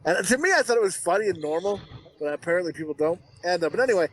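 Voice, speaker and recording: A man's voice: high-pitched, animated, racing, a bit bright, poor audio. A man on a casual podcast, ranting profanely through a story and laughing often. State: has high blood pressure. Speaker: podcast co-host. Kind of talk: casual chat.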